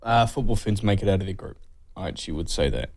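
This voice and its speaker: A man's voice: sits low, animated, quick pace, gravelly, darkish tone. A man, co-hosting sports radio, arguing his point in casual banter. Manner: argumentative, persistent. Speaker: radio co-host.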